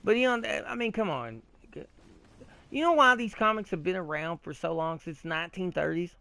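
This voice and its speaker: High, gravelly man ranting casually. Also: normal speed, dry recording. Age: adult, old enough to remember 80s cartoons. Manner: rambling, profane, excitable with frequent restarts. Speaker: gaming video host. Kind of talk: casual rant while playing a game.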